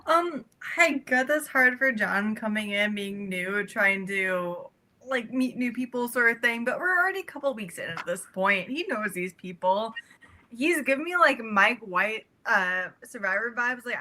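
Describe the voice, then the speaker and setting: A woman guest on a podcast in casual chat, relaxed and chatty with fillers. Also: fairly high pitch, moderate pace.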